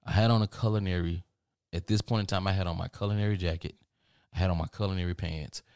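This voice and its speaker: Young man, low-pitched voice, casual storytelling, profane and rambling, dry close sound. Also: fairly even intonation, quick pace, darkish tone, dry recording. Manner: profane, rambling, laughs at himself. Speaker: podcast host.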